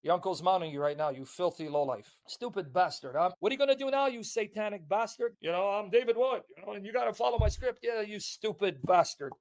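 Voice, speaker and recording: High-voiced man in a hostile rant. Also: fast talker, few pauses, a little mellow. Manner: hostile, insulting tirade. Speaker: online commentator. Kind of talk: livestream rant.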